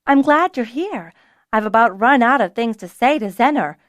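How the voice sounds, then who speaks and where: A woman doing a brisk no-nonsense housekeeper. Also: a little high, expressive, dry recording, voice pushed up, lightly acted. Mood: fond. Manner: brisk, dry, fond.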